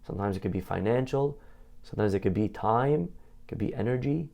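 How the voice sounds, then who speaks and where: A man's voice: on the low side, expressive, fairly quick, creaky, darkish tone. A man speaking as a rabbi, telling a heartfelt story in a conversational sermon, with many "you know" fillers.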